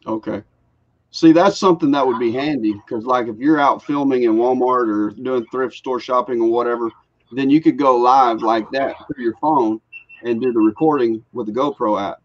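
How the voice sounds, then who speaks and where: A middle-aged man, co-hosting a casual live show and telling stories with lively quoted voices. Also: medium pitch, normal speed. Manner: animated storyteller acting out quoted voices. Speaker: co-host of a live reseller show. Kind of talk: casual chat. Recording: muffled lo-fi live stream audio.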